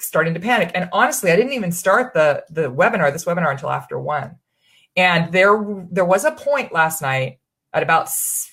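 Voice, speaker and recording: A woman's voice: fairly low pitch, fairly bright tone. Chatty woman coaching on a live webinar. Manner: chatty, earnest, encouraging, many restarts. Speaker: online business coach.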